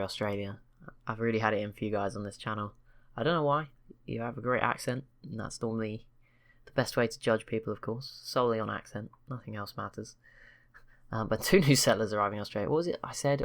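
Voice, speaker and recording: A man narrates a strategy game run in an easygoing, conversational way. His voice sits on the lower side, and he rambles, second-guesses himself and slips in wry teasing remarks as he goes. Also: fairly bright tone. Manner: rambling, self-correcting, wry teasing asides. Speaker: strategy game channel host. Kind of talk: casual let's-play commentary.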